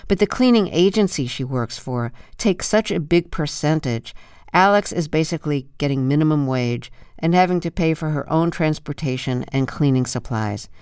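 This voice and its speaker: A woman radio interviewer narrating a measured, clear introduction before a conversation with her guest. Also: sits low, lively intonation, darkish tone, no room sound, clean studio sound.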